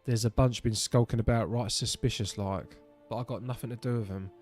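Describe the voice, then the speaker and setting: A gruff, suspicious country villager from a fantasy game, with a broad put-on rustic English accent, as a man voices him. He talks loudly and with exaggeration, over faint background music. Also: medium pitch, fairly even intonation, fairly quick, close to an everyday voice. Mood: wary.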